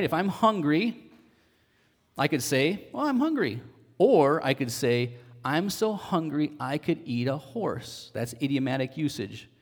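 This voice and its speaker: Earnest man preaching in a reverberant hall. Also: medium pitch. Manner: earnest, explanatory, word-study teaching with animated emphasis. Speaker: pastor. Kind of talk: sermon.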